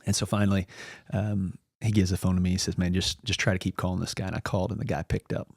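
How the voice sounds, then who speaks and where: A man's voice: low-pitched, flat delivery, quick pace, a little mellow, no echo, clean studio sound. A man as a podcast guest, telling a long story in a casual, rambling way and acting out the lines of the people in it. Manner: rambling anecdotal, acts out quoted dialogue.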